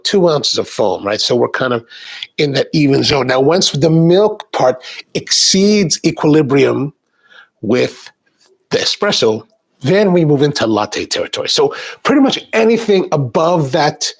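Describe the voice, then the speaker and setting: A man's voice: mid-range voice, breathy edge. A stuffed-up man hosting a casual live coffee show, chatting straight to his viewers. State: stuffed-up sinuses. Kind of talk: casual live-stream chat.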